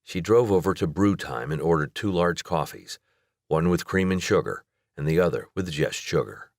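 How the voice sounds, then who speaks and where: A male audiobook narrator reading in a steady, measured way. His voice sits very low. The recording is dry and close. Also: dry recording. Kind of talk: scripted narration.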